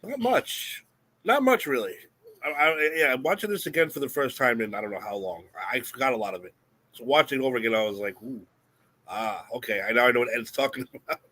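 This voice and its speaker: A man's voice: mid-range voice, very fast, sharp tone. Laid-back man giving blunt film opinions. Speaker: podcast co-host. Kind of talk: casual chat.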